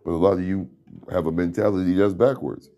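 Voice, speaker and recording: A middle-aged man hosting a podcast with a deep voice, giving a blunt, profane, preachy motivational talk from a room at home. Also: steady tone, fairly quick, mellow. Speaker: podcast host. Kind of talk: motivational monologue.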